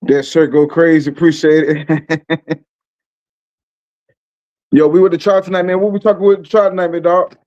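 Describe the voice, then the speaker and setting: A man's voice: on the high side, level tone, normal speed, pauses often, darkish tone, no room sound, muffled recording. A man co-hosting a casual live stream, laid-back and full of slang, laughing often.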